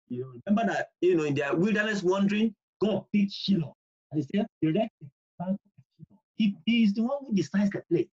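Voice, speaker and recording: A man teaching a bible study, emphatic and repetitive, reading scripture slowly and deliberately. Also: sits high, warm tone, husky. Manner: emphatic, repeats key points, reads scripture slowly. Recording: dull lo-fi recording.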